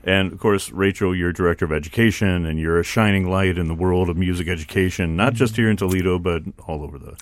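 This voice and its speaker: A man's voice: low-pitched, fast talker, hardly any pauses, no echo. A man hosting a podcast in casual chat, joking and often laughing at himself. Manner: jokey, laughs often, self-deprecating. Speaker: podcast host.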